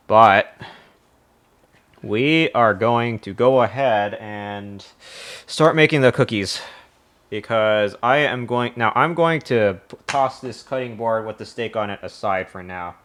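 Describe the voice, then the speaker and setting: A man's voice: lowish voice, a bit bright. A man streaming live from his kitchen, a bit out of breath, rambling, swearing and reading a recipe aloud as he cooks. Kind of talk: casual live-stream chat while cooking.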